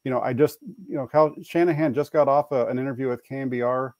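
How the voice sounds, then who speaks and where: Brief: male panelist, middle pitch, hesitant and thoughtful, dry close sound. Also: fairly even intonation, fast talker, no room sound, lo-fi sound. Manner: hesitant, thoughtful, many fillers. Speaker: podcast panelist. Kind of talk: sports talk.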